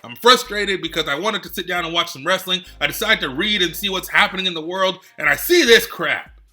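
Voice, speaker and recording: Fired-up male wrestling ranter, bright voice. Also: sits high, fast, soft background music. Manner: sarcastic, rhetorical questions, frustrated. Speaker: host of a wrestling rant segment. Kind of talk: heated rant to camera.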